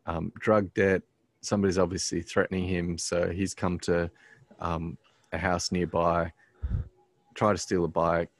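A man casually telling a personal story on a podcast, halting with many ums and restarts, earnest as he reflects on his faith. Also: sits low, little pitch movement, dry recording.

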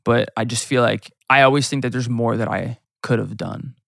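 Young man, podcast host, casual, filler-heavy talk, gravelly fry, dry close sound. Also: mid-range voice, steady tone, moderate pace, fairly bright tone, dry recording. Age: young adult. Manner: casual, uses "like" often.

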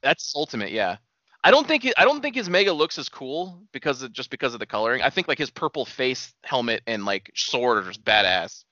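A young man co-hosting a podcast, talking in a relaxed, enthusiastic way with casual swearing. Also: medium pitch, brisk, no room sound, lo-fi sound. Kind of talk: casual chat.

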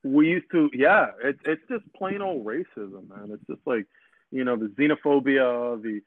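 A man hosting a casual podcast chat. He talks in an animated, rambling way, repeats his words and acts out what other people said. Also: mid-range voice, moderate pace, no echo. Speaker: podcast host. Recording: dry phone-like audio.

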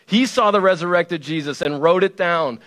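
Slightly high-voiced conversational male preacher. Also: moderate pace, a bit bright. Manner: conversational and playful, with emphatic repetition. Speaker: pastor. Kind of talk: sermon.

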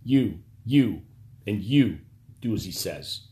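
A man's voice: on the low side, very animated, moderate pace, darkish tone. A man voicing a hard, commanding male noble who speaks in short, curt orders.

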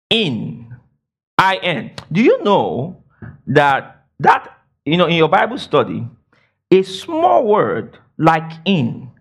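A man preaching a sermon and teaching the Bible, asking the congregation questions and filling his talk with "praise God" and "all right". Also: a bit bright. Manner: emphatic, swoops between high and low.

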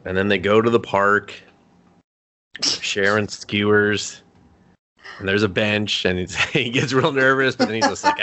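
At a normal pace and with a voice on the low side, a podcast co-host casually recaps an anime's story. The chat is an anime review, and he animatedly performs characters' lines while cursing liberally.

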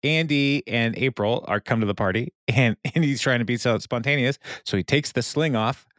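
A man co-hosting a podcast, recapping a TV episode in an animated, casual way with many filler sounds. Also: medium pitch, moderate pace, no room sound, studio quality. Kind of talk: casual chat.

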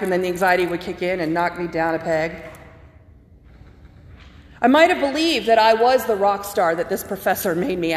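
A woman pastor giving a sermon, telling personal stories in an earnest way and slowing down to stress key phrases. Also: medium pitch. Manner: earnest, personal storytelling with emphatic slowed phrases. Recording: echoey hall with long reverb.

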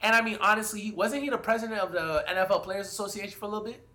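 Bright high-voiced man arguing football. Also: very fast. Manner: animated, profane, hedging with "like". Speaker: podcast co-host. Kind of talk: casual sports debate.

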